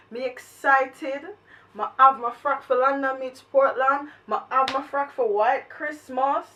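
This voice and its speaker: A young woman with a Jamaican accent, chatting in drawn-out patois in a comedic phone-call skit. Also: sits high, a bit bright.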